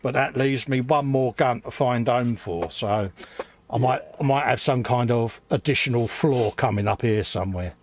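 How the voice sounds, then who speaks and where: A man's voice: mid-range voice, moderate pace. A man co-hosting a live hobby stream, bantering in a slangy way and jokingly boasting as he builds a model.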